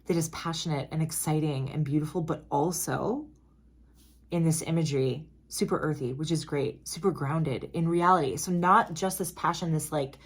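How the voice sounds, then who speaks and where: Low-voiced woman giving a chatty tarot reading. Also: moderate pace, husky. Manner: chatty, emphatic, frequent asides and apologies. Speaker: tarot reader. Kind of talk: casual tarot reading to camera.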